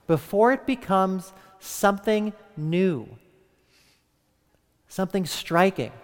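A man's voice: high-pitched, expressive, slow pace, big-room sound. A man hosting a podcast, delivering a crude comic mock lecture with theatrical asides to the listener. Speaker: podcast host.

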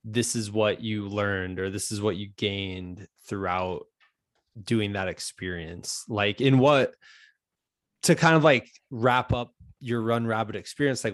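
A man's voice: on the low side, no room sound. A man hosting a podcast, asking long rambling questions in a friendly way and laughing easily. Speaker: podcast host. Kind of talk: casual podcast interview.

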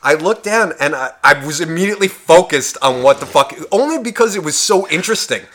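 Bright-voiced man, swearing storyteller. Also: a little high, brisk. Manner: rambling, heavy swearing, animated retelling. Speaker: podcast co-host. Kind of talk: casual podcast storytelling.

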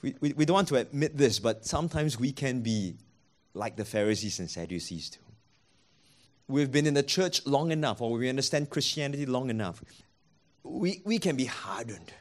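A man's voice: mid-range voice, animated, normal speed. A man preaching a sermon as a pastor, acting out both sides of the dialogues he retells.

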